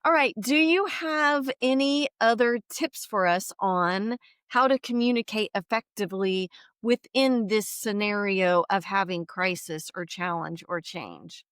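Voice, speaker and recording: A woman's voice: medium pitch, unhurried, fairly bright tone, smooth, no echo, studio quality. Friendly-paced woman podcast host. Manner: affirming, with frequent murmured agreement. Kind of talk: casual interview chat.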